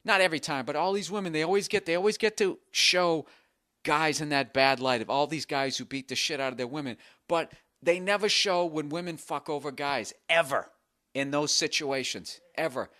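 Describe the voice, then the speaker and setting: A man's somewhat high voice at moderate pace drives a casual comedy podcast full of swearing, rants, and animated stories. The sound is studio quality with no echo.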